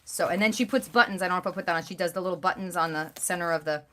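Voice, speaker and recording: A woman hosting a craft livestream, chatting casually and gushing over pieces with bursts of excited exclamations. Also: lowish voice, very fast, a little hiss or hum. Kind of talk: casual chat while showing craft pieces.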